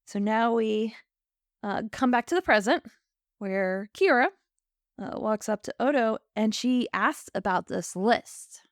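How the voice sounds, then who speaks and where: A woman's voice: on the high side, unhurried, no room sound, clean studio sound. A woman co-hosting a podcast, casually recapping an episode and acting out the characters' lines. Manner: chatty, acts out characters' lines in quotes. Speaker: podcast co-host.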